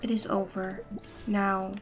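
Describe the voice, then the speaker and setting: A woman streaming a game, chatting casually, excitable and swearing, with sudden shrieks. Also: mid-range voice, takes it slowly, faint music behind. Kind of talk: casual live-stream chat over a game.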